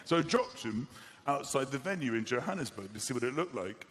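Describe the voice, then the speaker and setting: A man's voice: medium pitch, animated, fairly quick, a bit bright. A man doing stand-up comedy on a theatre stage, acting out little scenes and voices. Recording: live theatre with audience noise.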